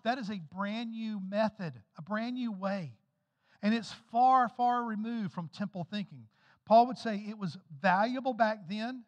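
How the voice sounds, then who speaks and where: Pastor, male, high-pitched, conversational but emphatic sermon delivery, reverberant sanctuary sound. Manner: emphatic, conversational preaching with repeated phrases. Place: church sanctuary.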